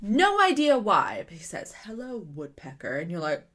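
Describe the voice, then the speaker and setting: A young adult woman giving a casual spoken review, chatty and excitable, with lots of fillers and rhetorical questions. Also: mid-range voice, moderate pace. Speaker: manga reviewer.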